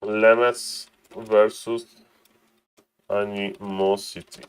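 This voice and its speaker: Excitable male stream caster. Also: on the low side, extremely slow, smooth. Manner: excitable, laughs often, keeps addressing ladies and gentlemen. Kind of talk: live game-casting commentary.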